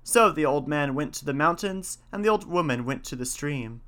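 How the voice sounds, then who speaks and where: A man's voice: on the high side, animated, moderate pace, fairly bright tone, smooth. A man narrating an old folk tale in a folksy, old-fashioned storybook manner.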